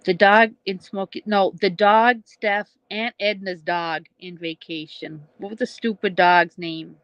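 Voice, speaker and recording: A woman's voice: mid-range voice, steady tone, measured pace, no room sound, highs cut off. A woman hosting a casual livestream, rambling between thoughts, laughing often and swearing freely. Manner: laughs often, swears, trails off mid-sentence. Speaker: livestream host.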